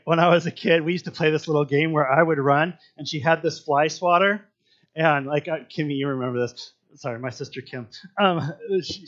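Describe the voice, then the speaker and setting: A man's voice: a little high, a bit bright, dull audio. A man leading a casual devotional Bible teaching, chatty and earnest with lots of fillers.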